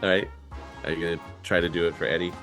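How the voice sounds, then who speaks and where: Male game master, low voice, relaxed, narrating a tabletop game. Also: very fast, faint music behind. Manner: relaxed, laughs often.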